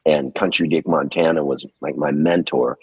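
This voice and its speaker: Husky-voiced man in his sixties spinning stories. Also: a bass voice, moderate pace, no room sound, highs cut off. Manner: lively storyteller who acts out the people he quotes. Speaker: guest musician. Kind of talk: storytelling interview.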